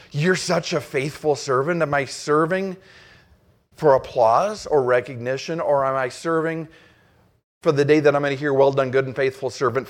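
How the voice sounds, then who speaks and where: A middle-aged man preaching a sermon as pastor, earnest and storytelling, with frequent restarts and emphatic rises. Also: medium pitch.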